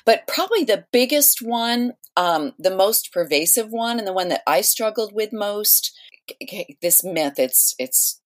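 A middle-aged woman who is a guest author on a podcast interview, speaking in a thoughtful, measured way. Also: mid-range voice, expressive. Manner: thoughtful, measured, with soft laughs.

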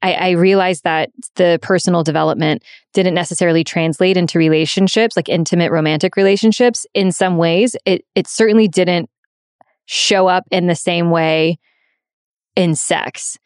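Low-voiced woman, open and reflective. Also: steady tone, moderate pace, darkish tone, clear, resonant tone, no room sound, clean studio sound. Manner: open, reflective, many restarts. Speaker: guest, sex and relationship coach. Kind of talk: candid interview conversation.

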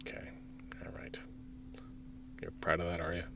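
A man's voice: sits low, completely flat delivery, moderate pace, fairly bright tone, in a whisper. A man co-hosting a podcast over a remote call, chatting in an amused, rambling way. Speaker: podcast co-host. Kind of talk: casual chat.

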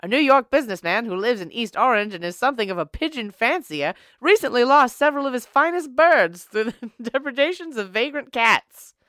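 A woman's voice: a little high, lively intonation, a little fast, few pauses, fairly bright tone, no room sound, studio quality, voice pushed up. A woman putting on an old-timey newspaper reader voice, theatrical and stretched out. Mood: mock-grand.

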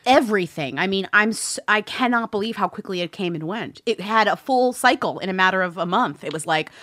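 Animated, bubbly woman podcaster. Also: medium pitch, a little fast, no room sound, clean studio sound. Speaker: podcast co-host guest. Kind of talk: casual chat.

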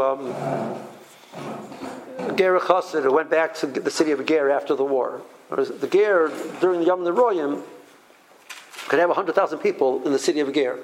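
A man's voice: on the high side, slight background noise, rough recording. A middle-aged man teaching a Torah lesson in an emphatic storytelling way, mixing in Hebrew terms and often stumbling over repeated words.

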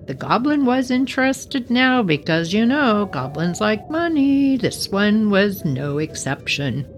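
A woman's voice: mid-range voice, sing-song, unhurried, hardly any pauses, soft background music, poor audio. A woman reading a story aloud on her podcast with playful, chatty asides.

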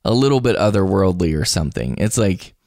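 A man's voice: deep voice, expressive, a little fast, darkish tone, dry recording, clean studio sound. A man hosting a podcast in easygoing, casual chat, leading the segments and asking questions. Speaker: podcast host.

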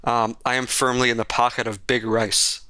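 A man's voice: medium pitch, little pitch movement, normal speed, pushed and bright, clean tone, dry recording. A man co-hosting a casual podcast chat, wry and joking with rambling asides. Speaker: podcast co-host.

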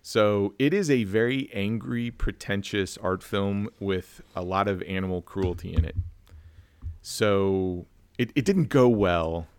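A man's voice: fairly low pitch, a little slow, smooth, dry recording. A man co-hosting a casual film review chat, telling stories and acting out family dialogue. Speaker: podcast co-host.

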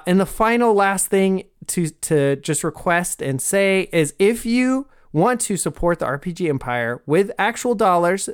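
A man's voice: fairly high pitch, clean tone. A man hosting a podcast, making casual announcements in a friendly, rambling way with many fillers. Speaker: podcast host.

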